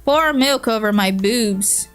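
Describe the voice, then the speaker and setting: A woman's voice: a little high, slow, smooth, soft background music. A woman with a Brazilian Portuguese accent voicing a crude, flirtatious female troll who talks in short, blunt lines. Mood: lewd.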